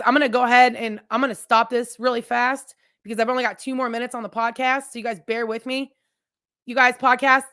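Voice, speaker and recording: A woman with a slightly higher voice hosts her own podcast and tells a personal story. She talks candidly and chattily, speaks right to her listeners, restarts her sentences and drifts into asides before coming back to the point. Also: pushed and bright. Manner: rambling with frequent restarts and asides. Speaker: podcast host. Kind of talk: personal storytelling, casual chat.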